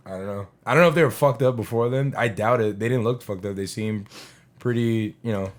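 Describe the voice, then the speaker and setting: A man with a fairly low voice talks in a loose, laid-back way, stringing thoughts together with fillers. He co-hosts a casual podcast chat into a studio microphone. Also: a little fast. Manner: laid-back, rambling, lots of "like". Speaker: podcast co-host. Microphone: studio podcast mic.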